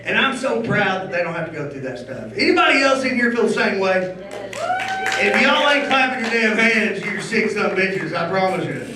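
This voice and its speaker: A middle-aged man doing a loud, crude, crowd-baiting stand-up comedy set on a club stage. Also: high voice, expressive, moderate pace, a little hiss or hum. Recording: roomy club sound from a distance.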